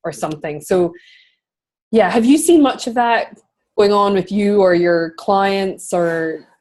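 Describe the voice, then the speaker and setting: A woman's voice: medium pitch, unhurried, a little mellow. A woman hosting an interview, telling stories in a chatty, casual way with lots of fillers. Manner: chatty storytelling with frequent fillers and laughs. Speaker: podcast host interviewing a guest.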